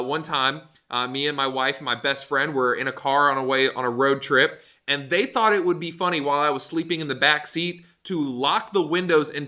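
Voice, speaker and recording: A youth pastor with a mid-range voice gives a casual Bible lesson, animated and joking and packed with filler words.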